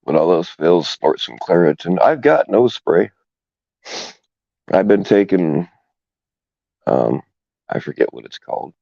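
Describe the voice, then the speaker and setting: Deep gravelly guy rambling on his stream, lots of ums, dark dry lo-fi sound. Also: sing-song, unhurried, pauses often, no echo. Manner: rambling, hesitant, full of fillers. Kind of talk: casual live stream chat. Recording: dull, lo-fi stream audio.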